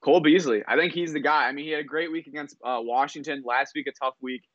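A man rattles through game predictions at a brisk clip as a sports talk co-host. His voice sits in a middle range and sounds a bit dull and lo-fi. The room is dry, with no echo. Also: on the high side. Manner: fast, energetic analysis with quick asides. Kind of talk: sports talk show banter.

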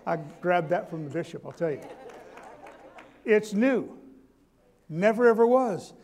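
High-voiced man preaching a sermon. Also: animated, slow pace, a little mellow. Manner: calls for audience response, repeats key lines; stammering restarts.

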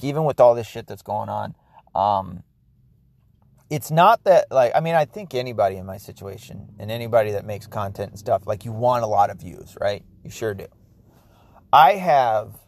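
A man's voice: lowish voice, gravelly, darkish tone, dry recording, clean studio sound. A man hosting his own podcast, talking in a rambling, profane, ranting monologue. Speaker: podcast host. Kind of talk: casual solo monologue.

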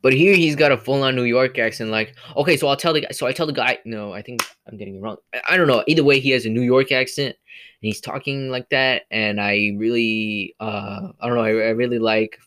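A man's voice: medium pitch, fairly quick, a bit bright. Rambling male podcast host. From California. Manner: rambling, many fillers and restarts. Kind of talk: casual solo movie review podcast.

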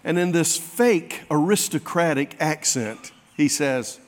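Guy preacher spinning a funny story on himself, voice a bit high, big echoey church hall. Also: animated, slow. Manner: folksy, self-mocking anecdote. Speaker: pastor. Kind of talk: sermon storytelling. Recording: long hall reverb.

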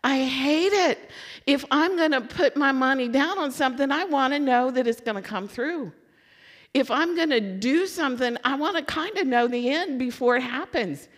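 A woman from Louisville giving a sermon as a lively personal story, acting out her own excitement and letdown. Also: sits high, normal speed. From Louisville, Kentucky. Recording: long hall reverb.

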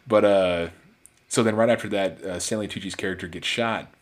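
A man's voice: low-pitched, moderate pace. A man giving a casual, rambling movie review on his channel, full of fillers and restarts.

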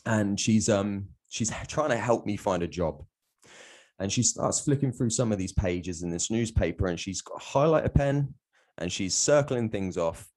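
Lowish voiced guy from the south, swears a lot, laughs through his story. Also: animated, normal speed, darkish tone. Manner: blunt, sweary, laughs often. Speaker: guest. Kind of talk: candid storytelling.

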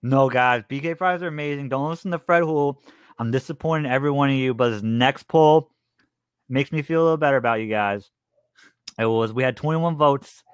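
A young man with a mid-pitched voice co-hosts a casual podcast. He talks fast and teases, and he sounds close and dry, with no room sound at all. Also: clear, resonant tone, dry recording. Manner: quick, teasing, reading out poll results. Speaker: podcast co-host.

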